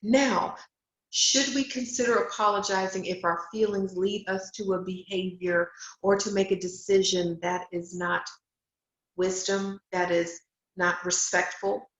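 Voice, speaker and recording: A woman's voice: mid-range voice, steady tone, a little slow, fairly bright tone. A middle-aged woman giving a direct, emphatic motivational talk, encouraging women to stop apologizing. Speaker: speaker and coach. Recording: roomy, slightly dull home recording.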